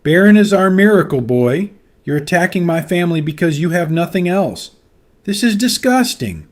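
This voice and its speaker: A man voicing an enraged older male politician in a dramatized audio story, barking the same insults louder each time. His voice sits high above his usual speaking level, loud and forceful. It has the clean, even sound of synthetic narration. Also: normal speed. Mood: furious.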